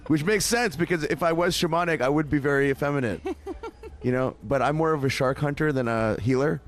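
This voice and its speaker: A man's voice: medium pitch, a little fast. A man from Canada, a musician interview guest, telling stories in a rambling way with many restarts. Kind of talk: casual interview chat.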